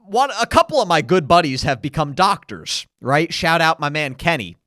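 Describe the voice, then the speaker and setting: A young man co-hosting a podcast, teasing his friend and chiming in with lively comments. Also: on the high side, normal speed, no echo, clean studio sound. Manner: teasing, lively, interjects often. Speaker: podcast co-host. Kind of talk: casual chat.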